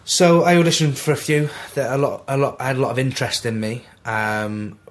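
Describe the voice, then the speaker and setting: A man's voice: medium pitch, fairly quick, slight background noise. A man in his twenties with a Manchester accent, telling anecdotes as a podcast guest and acting out the dialogue. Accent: Mancunian. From Manchester, England. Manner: animated, acts out quoted dialogue. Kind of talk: casual anecdotal storytelling.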